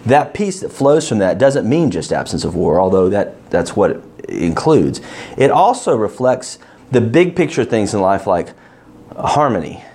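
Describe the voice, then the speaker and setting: A man leading an interactive Bible study, asking his class questions and stressing key words with animated emphasis. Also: on the low side, unhurried, slightly rough.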